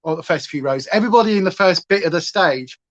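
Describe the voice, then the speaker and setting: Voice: mid-range voice, expressive, fast. A livestream host with a Northern English accent chats casually while putting on makeup. The talk rambles from tangent to tangent in a loose, chatty way. The recording sounds a little dull and lo-fi.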